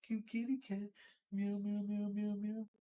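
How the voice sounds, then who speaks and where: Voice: mid-range voice, completely flat delivery, a little slow, dark tone, voice pushed up, close to an everyday voice. A streamer voicing their pet cat as a cute, attention-seeking kitty in sing-song baby talk. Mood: cutesy.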